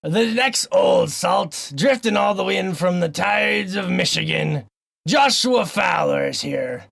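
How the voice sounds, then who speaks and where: A man's voice: sits high, expressive, a bit bright, exaggerated voice. A man putting on the voice of a salty old pirate captain, growling the words and drawing them out with a bellow. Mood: booming. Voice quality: gravelly, growled. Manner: drawn-out, bellowing pirate-speak.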